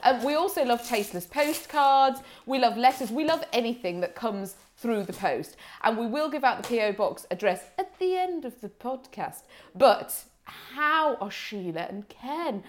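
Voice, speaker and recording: A woman's voice: on the high side, lively intonation. A woman co-hosting a podcast, gushing and effusive in casual chat. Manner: gushing and effusive, quick to laugh. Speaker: podcast co-host.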